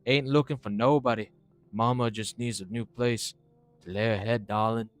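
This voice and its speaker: A man voicing a loud, folksy old mama with a slow drawl. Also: fairly even intonation, soft background music, lightly acted. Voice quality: drawling, booming.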